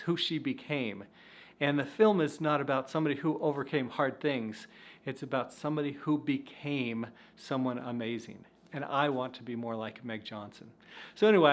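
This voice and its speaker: A man hosting an inspirational faith-based talk, speaking earnestly and encouragingly straight to the viewer, pausing to reflect now and then. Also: mid-range voice. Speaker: self-help video host.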